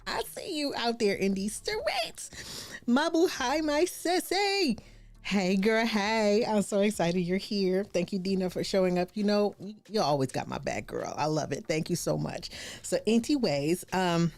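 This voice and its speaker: A woman's voice: lowish voice, a little mellow, no room sound. Bubbly woman hosting a live stream. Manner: bubbly, exclamatory, slangy, laughs often. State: tired after an all-nighter. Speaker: host. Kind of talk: casual live-stream chat.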